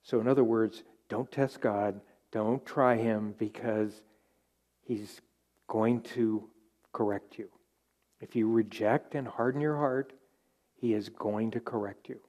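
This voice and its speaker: Earnest pastor with a mellow voice. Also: male voice, fairly low pitch, steady tone, slow. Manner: earnest, repeats key phrases for emphasis. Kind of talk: Bible study teaching.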